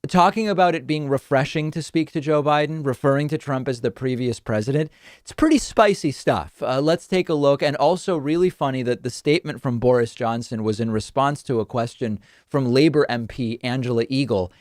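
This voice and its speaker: A man's voice: medium pitch, brisk, darkish tone, dry recording. A male political commentator hosting his own show, talking straight to camera with wry amusement. His voice sits in the usual middle range. It is recorded close and dry in a studio. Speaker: political talk show host.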